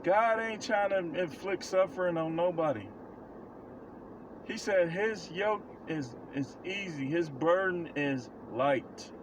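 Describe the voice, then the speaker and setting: Slowly and bluntly, a man claiming to be a prophet lectures the camera with life advice, repeating himself to hammer each point. His voice is a touch high for a man, the high frequencies are cut off, and faint traffic hums in the background.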